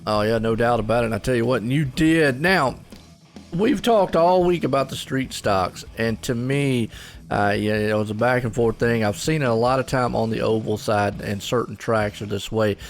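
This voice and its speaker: An easygoing male co-host of a racing broadcast, who introduces drivers and leans on folksy stock phrases. His voice sits at a middle pitch. Faint music runs quietly behind him. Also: moderate pace. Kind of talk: race commentary and interview.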